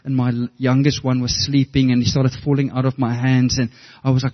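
A man's voice: medium pitch, flat delivery, a little fast, dull audio. A middle-aged man preaching a sermon, earnest and storytelling, often restarting his words. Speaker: pastor.

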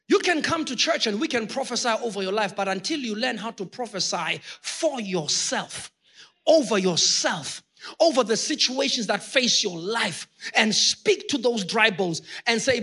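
High, bright, husky-voiced preacher man. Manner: impassioned preaching with shouted peaks; addresses the congregation directly. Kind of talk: sermon.

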